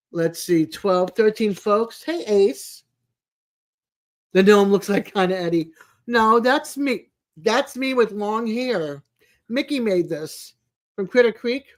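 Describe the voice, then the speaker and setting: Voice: medium pitch, takes it slowly, long pauses. An adult live streamer in casual, rambling chat, greeting viewers by name and making homey small talk with plenty of fillers. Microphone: home streaming mic, no camera.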